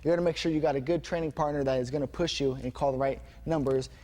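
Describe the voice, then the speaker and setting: Energetic man coaching punch combos. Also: fairly high pitch, fast. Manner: energetic, punctuates moves with "bang". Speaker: martial arts instructor. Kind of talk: instructional striking demonstration. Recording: noisy gym recording.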